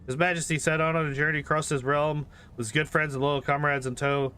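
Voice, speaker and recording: A man's voice: on the high side, little pitch movement, brisk, bright, forceful tone, slight background noise. A man voicing a befuddled drunken vagabond who calls himself king, rambling with grandiose bluster.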